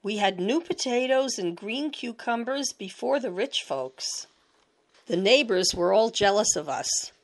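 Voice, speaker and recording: A woman narrating a storybook tale in a measured, expressive reading voice. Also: fairly high pitch.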